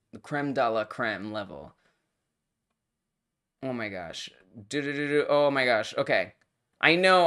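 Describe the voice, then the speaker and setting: Playing a game on a live stream, a medium-pitched host comments excitably, swinging from mock rage to giggly chatter and tossing out playful made-up exclamations.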